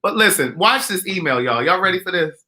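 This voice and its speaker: A man vlogs at home, sassy and teasing, full of laughs. His voice is very bright and forceful. It sits a little high for a man. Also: animated, fairly quick. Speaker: vlogger. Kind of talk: casual comedic vlog. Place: indoors at home.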